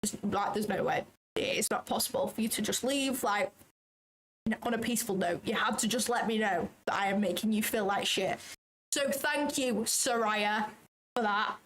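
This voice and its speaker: A woman's voice: medium pitch, fairly bright tone, a little hiss or hum. A woman with a Manchester-area accent hosting a trading livestream, chatting and teasing casually. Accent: Manchester area, Northern English. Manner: chatty, teasing, quick to laugh.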